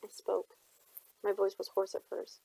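Husky-voiced woman reading a novel. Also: medium pitch, monotone, mellow, no room sound, rough recording. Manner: measured first-person storytelling. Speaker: audiobook reader.

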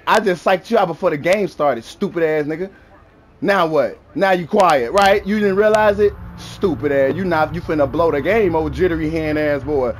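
A man's voice: on the high side, normal speed, a little hiss or hum. A young man gaming and trash-talking an opponent over voice chat, taunting and mocking, repeating his insults over and over. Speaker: gamer.

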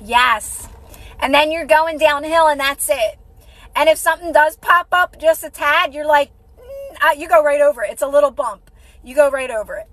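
A woman's voice: high voice, moderate pace, a bit bright, no room sound, low-quality recording. A woman hosting a casual motivational livestream, repeating herself encouragingly and greeting viewers by name. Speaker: livestream host.

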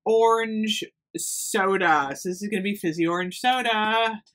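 A woman reviewing scented products in an excited, gushing chat, gasping and saying "oh my gosh" often. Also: mid-range voice, measured pace. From United States. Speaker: beauty haul vlogger.

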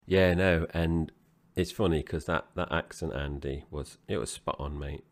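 A man's voice: extremely low pitch, fairly even intonation, measured pace. A man co-hosting a film review podcast, chatting casually and rambling with frequent restarts. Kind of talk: casual chat.

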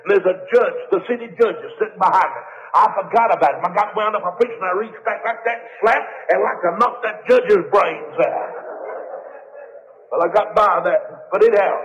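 A male evangelist, preaching a revival sermon full of stories and breaking into fervent shouts. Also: high voice. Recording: dull old sermon tape in a reverberant hall.

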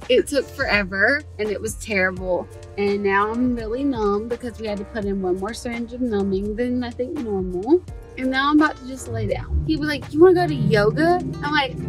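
A woman's voice: fairly high pitch, fairly bright tone, poor audio. A woman vlogging in a casual, chatty way, telling stories with animation. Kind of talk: casual vlog chat.

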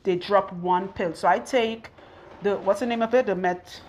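A woman's voice: mid-range voice, steady tone, moderate pace, a little mellow, a little hiss or hum. Chatty woman talking while doing hair. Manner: chatty, talks to viewers while multitasking. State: out of breath. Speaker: loctician vlogger. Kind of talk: casual chat while working on hair. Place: hair salon in a home.

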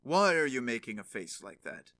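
A man's voice: mid-range voice, very animated, normal speed, sharp tone, dry recording. A man voicing a bold bear in a fairy tale reading.

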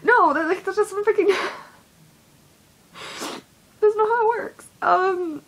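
Young woman, high-pitched voice, confessional vlog, rambling, heavy swearing, self-deprecating. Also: slow, a bit bright. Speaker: YouTuber.

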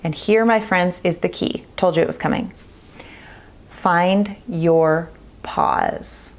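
A woman's voice: fairly low pitch, brisk. A woman in her thirties giving earnest parenting advice straight to camera, stressing her points by repeating them. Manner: earnest, emphatic, repeats key phrases. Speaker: parenting vlogger. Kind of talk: direct-to-camera advice talk.

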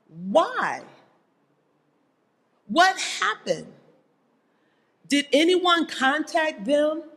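Slow, questioning church preacher. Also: high-pitched, a bit bright. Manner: pointed rhetorical questions to the congregation. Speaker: church speaker. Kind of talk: sermon. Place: church sanctuary. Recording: long hall reverb in a church.

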